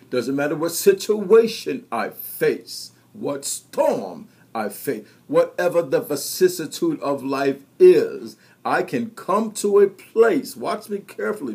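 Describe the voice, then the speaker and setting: A man's voice: mid-range voice, darkish tone, breathy edge. A man preaching a sermon, exhorting his listeners and calling them to repeat after him. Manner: exhorting, call-and-response preaching. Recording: radio broadcast.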